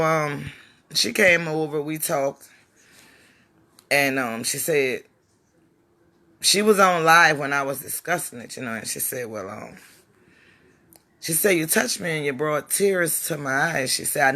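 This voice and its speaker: A woman hosting her own live-stream talk show, talking heartfelt and preachy straight to her viewers, emotional, with halting restarts. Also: low voice, a bit bright, dry recording.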